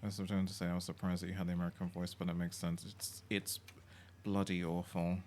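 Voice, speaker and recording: A man's voice: deep voice, completely flat delivery, fast, a little mellow, a little hiss or hum. A British man streaming a cozy game, chatting casually and swearing freely while talking to his viewers and his pet. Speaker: livestreamer. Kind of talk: casual chat while gaming.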